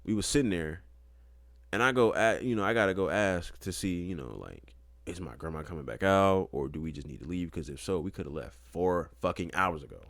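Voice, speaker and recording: A man's voice: deep voice, lively intonation, brisk, a bit bright, no room sound. A young man co-hosting a podcast, telling rambling, profane anecdotes in a laid-back casual chat. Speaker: podcast co-host.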